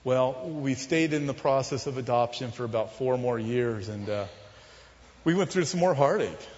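A man telling a personal testimony as a sermon, in an earnest, confessional storytelling manner that often drops soft and low. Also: moderate pace. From Southern California. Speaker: preacher telling his testimony. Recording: muffled, with long hall reverb.

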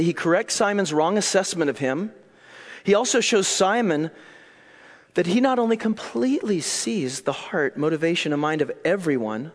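A man preaching a sermon, telling the story in an animated way that swings between hushed and excited. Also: fairly high pitch. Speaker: pastor. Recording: long hall reverb.

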